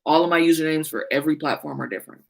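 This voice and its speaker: A woman's voice: deep voice, racing, vocal fry, low-quality recording. A woman talking casually and animatedly about music, laughing often and swearing freely. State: sleepy, yawning. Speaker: podcast host. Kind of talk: casual chat.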